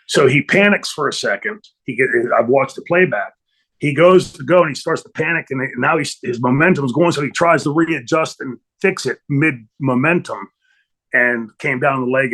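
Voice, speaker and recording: Husky middle-aged man telling a story. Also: mid-range voice, fairly bright tone, low-quality recording. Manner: rambling, many fillers and restarts. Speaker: interview guest, former wrestler. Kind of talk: shoot interview storytelling.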